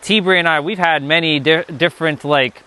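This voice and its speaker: A man's voice: fairly high pitch, moderate pace, sharp tone, clear, resonant tone. A young man giving a casual live-stream talk as a spiritual teacher, rambling and restarting his sentences often.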